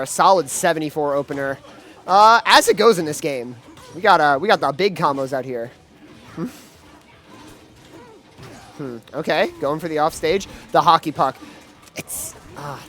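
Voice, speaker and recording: A man doing live play-by-play commentary at a gaming event, excitable and full of fillers and restarts. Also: on the high side. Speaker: esports commentator.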